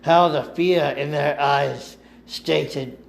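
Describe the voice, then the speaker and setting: A man narrating a first-person story in a deliberate amateur reading, sometimes correcting himself. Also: on the high side, steady tone, creaky, slight background noise. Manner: slow, deliberate reading with occasional self-corrections.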